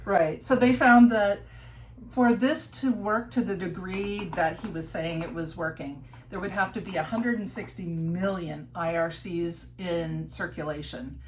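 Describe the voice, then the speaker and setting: A woman's voice: lowish voice, measured pace, slight background noise, low-quality recording. A woman co-hosting a casual podcast, telling a history story and quizzing her co-host along the way. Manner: lively storyteller, poses questions to her co-host.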